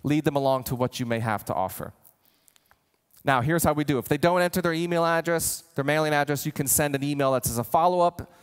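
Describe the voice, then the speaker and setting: A man giving an energetic marketing training talk, animated and acting out imagined customers. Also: a little high, brisk, clean tone, in a large hall. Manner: animated, voices imagined customers, gets worked up. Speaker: marketing coach.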